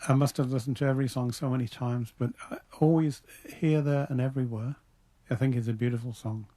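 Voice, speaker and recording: An older man from Liverpool with a mellow, warm voice and a Liverpool accent. He answers interview questions reflectively, often restarting his sentences as he thinks back. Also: mid-range voice, fairly even intonation, fairly quick. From Liverpool, England. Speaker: interview guest. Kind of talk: radio interview.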